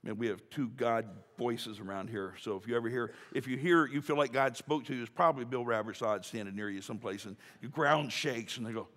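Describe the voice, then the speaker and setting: A man's voice: medium pitch, fairly quick, hardly any pauses, fairly bright tone. A man preaching a casual, joking sermon as pastor, talking chattily with many restarts and asides. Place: church sanctuary. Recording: church hall reverb.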